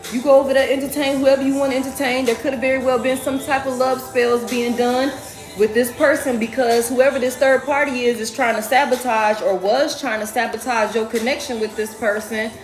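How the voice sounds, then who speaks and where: A woman giving a casual, profane tarot reading to her viewers, talking fast and laughing as she goes. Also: high-pitched, reverberant, soft background music. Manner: animated, profane, laughing, chatty. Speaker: tarot reader.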